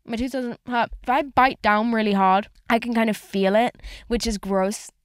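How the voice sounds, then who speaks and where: A woman's voice: a little high, steady tone, normal speed, no echo, clean studio sound. A woman hosting a casual solo podcast from inside her car, rambling candidly with lots of swearing and filler words. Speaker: podcast host.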